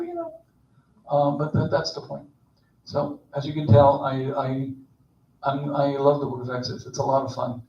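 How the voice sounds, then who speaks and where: A man's voice: a little high, a little hiss or hum. An older man, a rabbi, giving an informal, joking sermon, telling the story with animation and acting out the characters' lines. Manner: storytelling, jokey, animated, acts out voices. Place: synagogue sanctuary. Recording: roomy, distant, dull recording.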